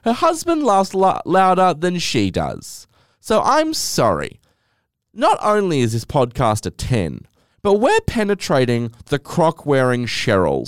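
Sassy man with lively swings. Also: medium pitch, no room sound, clean studio sound. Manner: sassy, swearing, rambling storyteller. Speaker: podcast host. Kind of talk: casual solo podcast chat.

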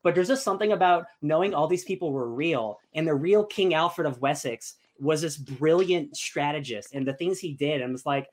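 A young man chatting casually as a podcast host, gushing and excitable with lots of fillers. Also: a little high, normal speed, few pauses. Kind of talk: casual chat.

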